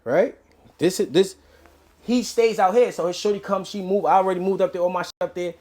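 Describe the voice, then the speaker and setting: A man's voice: high-pitched, background noise. A man telling a story in casual street slang, acting out quoted lines as he goes. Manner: animated street slang, quick quoted dialogue. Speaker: interview guest.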